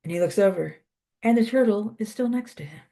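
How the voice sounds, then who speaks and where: An instructor telling a traditional folk tale aloud to a class, unhurried, repeating words for effect. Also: mid-range voice, creaky, mellow. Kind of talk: oral storytelling in a class.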